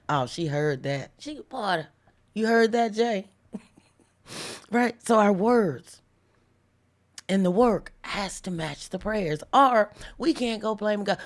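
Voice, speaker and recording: Chatty woman preaching a live devotional. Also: medium pitch. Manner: chatty, reads viewer comments aloud, slows down for emphatic lines. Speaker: host of a live devotional stream. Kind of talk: casual livestream devotional preaching.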